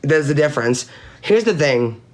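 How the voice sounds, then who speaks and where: A man's voice: on the high side, lively intonation, moderate pace. A man on a live-stream panel recounting online drama in casual chat. He is blunt and profane, reads chat messages aloud, and repeats his points for emphasis.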